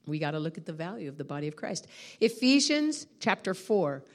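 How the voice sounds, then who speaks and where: A woman's voice: deep voice, big pitch swings, brisk. A woman preaching a sermon, telling a personal testimony with heartfelt emotion. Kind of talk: storytelling sermon.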